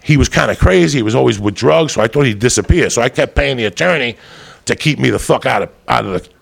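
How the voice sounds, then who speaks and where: Dude with a super gravelly voice, cussing his way through a wild story, mid pitch. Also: expressive, fast talker. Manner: profane, rowdy storytelling with lots of asides. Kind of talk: casual chat, crime anecdote.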